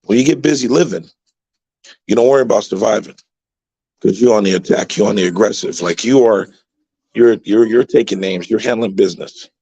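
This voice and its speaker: A man who coaches high school football, telling motivational stories in a radio interview with emphatic repeats. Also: fairly quick, mellow, highs cut off.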